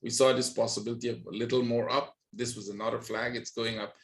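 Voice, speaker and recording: Speaking quickly in a flat, medium-pitched, slightly bright voice with vocal fry, a man presents charts during a live trading webinar. He often tosses in "right?" to check that listeners are following his market analysis.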